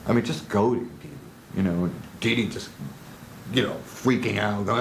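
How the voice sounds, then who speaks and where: A man's voice: lowish voice, moderate pace, slight background noise. Man telling anecdotes in an echoey room. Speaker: interviewee. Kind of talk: documentary interview recollection. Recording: roomy, echoey recording.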